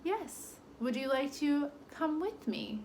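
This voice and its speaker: A woman voicing a sly wolf who speaks in a smooth, polite, coaxing way. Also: high voice, expressive, takes it slowly, darkish tone, a little hiss or hum, pitched above the performer's own voice. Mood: inviting.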